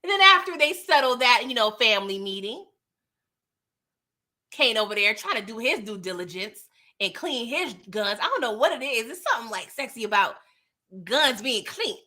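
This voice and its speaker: A woman's voice: a little high, big pitch swings, moderate pace, bright, forceful tone. A woman hosting a casual TV recap, chatting playfully with viewers and acting out characters' lines. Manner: chats with live viewers. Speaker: TV recap host. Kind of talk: casual recap and review chat.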